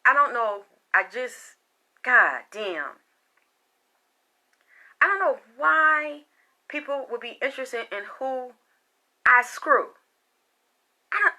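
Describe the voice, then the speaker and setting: Loud, sharp-toned woman ranting. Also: a little high, unhurried, long pauses. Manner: heated, profane and confrontational; loud and exasperated. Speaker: spiritual reader and vlogger. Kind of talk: unscripted personal rant to camera.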